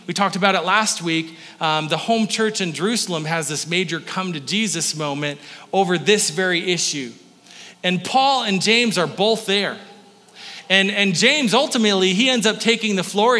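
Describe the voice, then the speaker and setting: A man preaching a conversational sermon as a pastor, teaching in a relaxed way and often restarting his sentences. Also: high voice. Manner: casual teaching tone with frequent restarts. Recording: long hall reverb.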